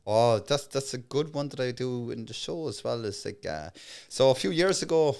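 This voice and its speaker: An Irish comedian guesting on a podcast tells stories in casual conversation, acting out the other people in them in animated bursts. His voice is medium-pitched, gravelly, clear and resonant, delivered at a moderate pace.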